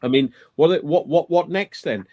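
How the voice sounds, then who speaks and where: A man's voice: fairly high pitch, moderate pace, darkish tone, no room sound. A man in casual chat, telling an indignant story and swearing freely.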